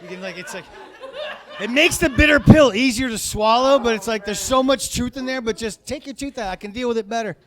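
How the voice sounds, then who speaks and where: A man's voice: extremely high pitch, fairly quick, a crowd in the background. Profane, chatty stand-up comedian man. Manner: profane, conversational, rambling. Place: comedy club stage.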